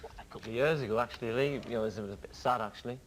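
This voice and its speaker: A man on a comedy panel giving sheepish, halting replies. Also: medium pitch, a little hiss or hum.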